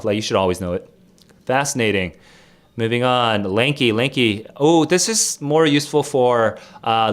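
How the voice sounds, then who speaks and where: A young man on a casual livestream, talking through vocabulary with his chat. He rambles, leans on fillers, and restarts his sentences, at an ordinary mid pitch for a man. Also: fairly bright tone. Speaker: streamer and test tutor.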